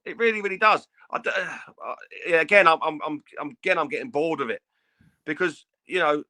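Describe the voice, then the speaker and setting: A man's voice: fairly high pitch, a little fast, bright, forceful tone. A man co-hosting a casual boxing podcast, sounding fed up, stammering and swearing. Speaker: podcast co-host.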